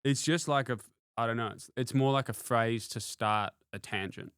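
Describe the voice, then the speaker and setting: A man's voice: medium pitch, moderate pace, a bit bright, clear, resonant tone, no room sound, clean studio sound. A man, a comedian guest on a podcast, laid-back and self-deprecating, often trailing off mid-thought. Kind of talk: casual chat.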